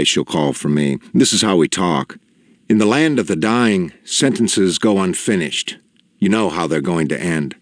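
A man narrating an audiobook in a measured, deliberate storytelling manner with quiet gravity. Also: low voice, lively intonation, dry recording, studio quality. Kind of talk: scripted narration.

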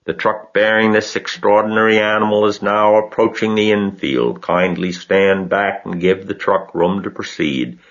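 Man doing a pompous fair loudspeaker announcer. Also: lowish voice, fairly even intonation, normal speed, hardly any pauses, lo-fi sound, pitched above the performer's own voice, lightly acted.

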